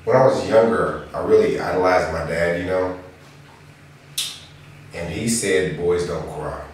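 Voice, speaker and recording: A young man in a dramatic spoken-word confession, earnest and moving between hushed and impassioned lines. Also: sits low, a little slow. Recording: very echoey room, far from the mic, faint hiss.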